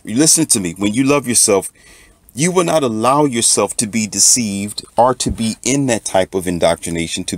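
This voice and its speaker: A man with a very low voice tells a story straight to his viewers. He preaches more than he chats and leans on "okay" between his points. The sound is dry and close, with no room around him. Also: a little mellow, no room sound. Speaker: channel host. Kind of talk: casual monologue to viewers.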